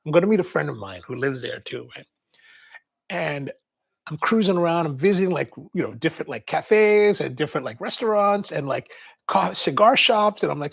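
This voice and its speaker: Gravelly rambling man from Maryland. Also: on the high side, fairly bright tone. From Maryland, US East Coast. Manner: rambling storyteller, quotes people in voices, laughs. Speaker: coffee livestream host. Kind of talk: casual livestream chat.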